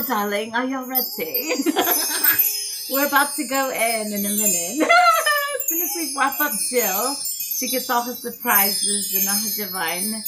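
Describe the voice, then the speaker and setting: A woman hosts a wellness livestream, chatting playfully and teasingly with viewers, laughing often and calling them "darling." Her voice is a little high with big pitch swings, a little slow, and heard over music.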